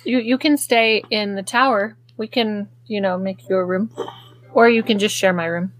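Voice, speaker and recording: A woman's voice: mid-range voice, fairly even intonation, moderate pace, faint music behind. A woman player chatting casually during a tabletop game, teasing and playful.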